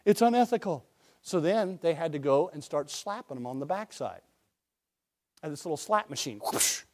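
A man preaching a sermon in a folksy storytelling way, jumping between loud bursts and quiet asides. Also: fairly high pitch, animated, normal speed.

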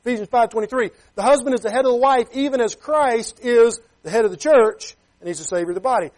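A man's voice: very high-pitched, quick pace, darkish tone. A man preaching a sermon as a pastor. He talks emphatically, keeps checking with "Okay?", and reads scripture in King James wording.

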